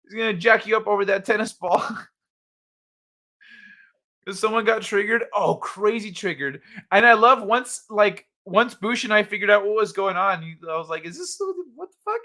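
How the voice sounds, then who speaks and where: Speaking at a moderate pace with a high voice, a man hosts a casual late-night livestream, talking with his live chat. He retells stories full of laughter and swearing, quoting people in animated voices.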